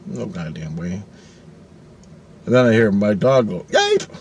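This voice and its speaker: Here the man's pitch sits fairly low and his pace is measured, over a faint hiss or hum. It's a casual personal anecdote from a middle-aged guy who curses a lot and animatedly imitates whoever he's quoting.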